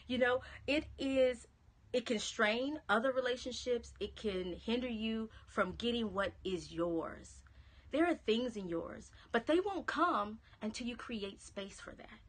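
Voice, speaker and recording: A woman with a Southern American accent giving an encouraging live-stream pep talk, chatting to viewers and dropping to a whisper on key phrases. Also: medium pitch. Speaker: motivational speaker. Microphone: phone or webcam live stream.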